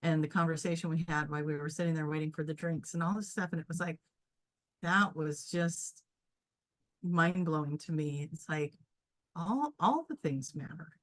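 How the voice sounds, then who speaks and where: A woman's voice: deep voice, moderate pace. A woman chatting casually as co-host, earnest and reflective as she shares a story. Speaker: QHHT practitioner, co-host.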